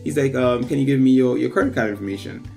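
A man's voice: medium pitch, fast talker, vocal fry, dark tone, soft background music. A man casually telling a long personal anecdote, full of fillers, acting out what others said. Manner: rambling anecdote with many fillers, acts out quoted voices. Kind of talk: casual storytelling chat.

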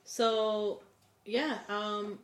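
A woman's voice: medium pitch, flat delivery, extremely slow, roomy sound, slight background noise. A woman co-hosting a podcast in casual chat, blunt and offhand, who swears freely. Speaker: podcast co-host.

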